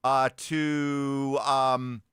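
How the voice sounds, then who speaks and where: A man hosting morning sports talk radio, chatting in an animated, conversational way. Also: mid-range voice, drawn-out words, smooth, dry recording, studio quality. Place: radio studio.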